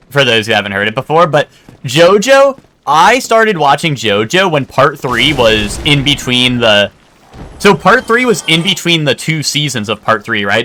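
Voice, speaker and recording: Young male streamer with a bright, forward voice, loose rambling chat, lots of fillers and casual cursing. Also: mid-range voice. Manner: rambling, many "like" fillers and restarts; swears casually. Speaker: game streamer.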